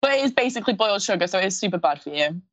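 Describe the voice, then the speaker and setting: Young woman with a mild Scottish lilt, pageant guest, bubbly and gushing, average pitch, dry close sound. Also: expressive, rapid-fire, fairly bright tone, dry recording. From Scottish roots, moved to the UK at sixteen. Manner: bubbly, gushing, laughs often. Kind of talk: casual interview chat. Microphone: video call.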